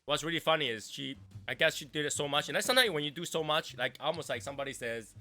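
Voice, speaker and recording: A man's voice: fairly high pitch, fast, pushed and bright, soft background music. A man hosting a livestream chat who rambles, restarts his sentences and reads viewer messages aloud. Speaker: livestream host. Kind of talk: casual chat.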